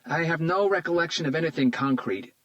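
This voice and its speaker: A man's voice: on the high side, a little fast, a bit bright, no echo, dull audio, voice pushed up, close to an everyday voice. A man voicing a frail, wry injured detective. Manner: wry and joking. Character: wounded male detective in hospital, wry.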